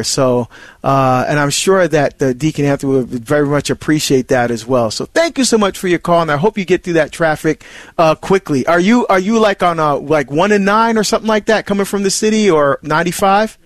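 A man hosting a call-in radio program with a high-pitched voice. He speaks in an encouraging, friendly way to his callers, in a dry studio sound. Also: moderate pace, no room sound. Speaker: radio show host.

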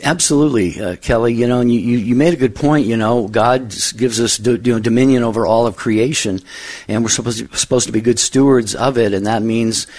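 Male radio co-host, mid pitch, earnest and measured delivery. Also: a little mellow. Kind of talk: radio talk show hosting.

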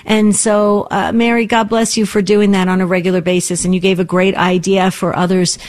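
A woman hosting a talk radio show, speaking in an encouraging, upbeat way and often talking quickly. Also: mid-range voice, flat delivery, darkish tone.

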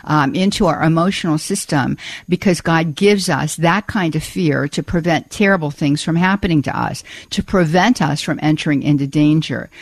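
A woman's voice: low-pitched, no echo. Earnest woman radio host, dry studio. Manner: earnest, measured, repeats words while searching. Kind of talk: Catholic call-in radio talk. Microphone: studio microphone.

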